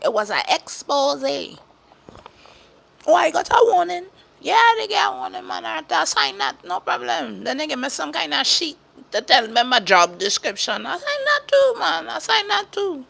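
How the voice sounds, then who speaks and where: A woman's voice: sits high, vocal fry, bright, forceful tone. A woman from Trinidad with a Trinidadian accent, a caregiver talking bluntly and profanely on a casual livestream, repeating her points for emphasis.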